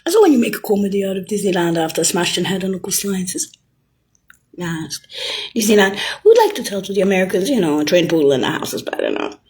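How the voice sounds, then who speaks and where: Woman, rambling swearing rant, lively swooping pitch. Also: quick pace, slight background noise. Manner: rambling, swearing, swings from shouting to whispering. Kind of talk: rambling monologue.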